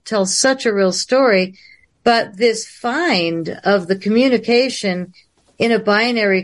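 A woman filmmaker telling a long story on a livestream, acting out the dialogue in different voices. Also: medium pitch. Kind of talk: animated storytelling. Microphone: livestream video call.

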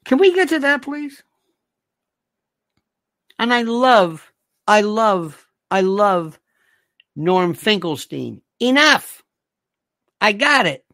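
A man's voice: high-pitched, big pitch swings, takes it slowly, pauses often, pushed and bright. A man hosting an opinionated commentary monologue, firing off incredulous rhetorical questions.

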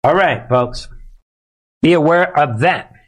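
A man's voice: a little high, slow pace. A man hosting a live political commentary show, speaking straight to his audience in a sarcastic, emphatic way.

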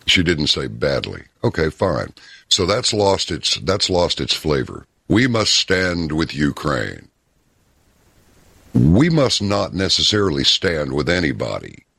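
A man hosting a talk show, telling stories and giving opinions in a folksy, unhurried way. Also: a bass voice, very animated, creaky, sharp tone, breathy edge, no echo. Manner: folksy, opinionated, storytelling with pauses. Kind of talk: casual talk radio commentary.

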